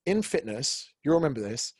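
A man hosting a casual podcast chat, blunt and animated, swearing freely as he talks about his work. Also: medium pitch, normal speed, husky, no echo. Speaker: podcast host, fitness coach and author.

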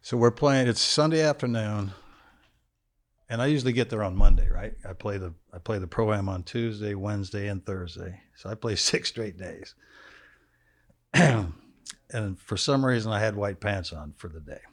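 A man's voice: on the low side, normal speed. An older man, a former football player, tells a crude, funny anecdote as a podcast guest in a studio, chuckling as he goes. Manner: laid-back, crude anecdote told with chuckles. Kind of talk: casual storytelling interview.

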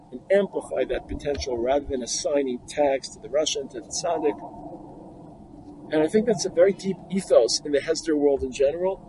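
A man's voice: a little high, background noise. A man, a rabbi, giving an earnest, reflective talk to yeshiva students with stories.

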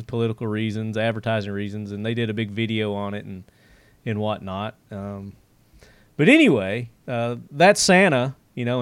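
A man hosts a casual podcast, telling stories in a loose, rambling way with plenty of fillers and easy chuckles. His voice is smooth and clear at an ordinary male pitch, and it sounds dry and close to the mic. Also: no room sound. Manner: rambling storyteller, many fillers, chuckles often. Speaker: podcast host.

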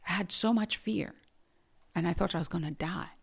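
A woman from Uganda giving an earnest personal testimony as a guest, emphatic and dropping to soft near-whispers at intense moments. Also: on the low side, normal speed, vocal fry, slightly rough.

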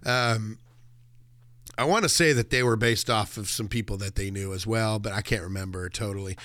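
A man's voice: lowish voice, moderate pace, fairly bright tone, no echo. A man co-hosting a movie podcast, chatting casually and animatedly, laughing and acting out quotes. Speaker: podcast co-host.

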